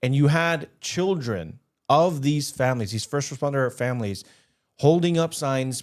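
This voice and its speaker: A man's voice: mid-range voice, moderate pace. A young man co-hosting a podcast from the Los Angeles area, telling stories in an emotional way and repeating words when he gets worked up. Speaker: podcast co-host. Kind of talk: casual podcast chat, storytelling.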